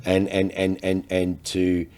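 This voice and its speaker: A man's voice: low voice, slow pace. An Australian man, a luxury car salesman, telling stories on a casual podcast, swearing constantly and full of energy. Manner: profane, animated storyteller.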